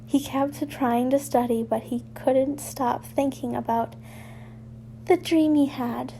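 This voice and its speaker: A woman with a high voice reads fan fiction aloud at an unhurried pace. She keeps breaking off to mock the writing and swear at it, chuckling as she goes. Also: fairly even intonation, dark tone, a little hiss or hum. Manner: irreverent, swears, laughs at the text. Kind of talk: casual reading aloud with commentary.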